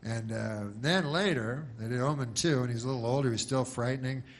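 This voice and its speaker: A man doing stand-up comedy, deadpan and rambling, with many asides and restarts. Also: medium pitch, fairly quick, a little hiss or hum.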